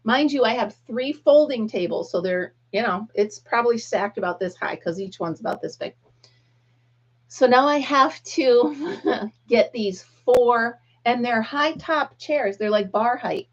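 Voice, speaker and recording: Her voice sits on the high side, expressive and measured, with the top end clipped in the audio. This middle-aged host chats casually on her live stream, a chatty storyteller who performs the quotes from her tale.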